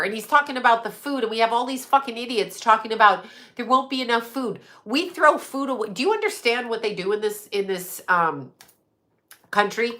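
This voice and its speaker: A woman's voice: medium pitch, pushed and bright. A woman hosting a livestream, ranting heatedly with lots of swearing and rambling restarts. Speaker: livestream host. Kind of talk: unscripted livestream rant.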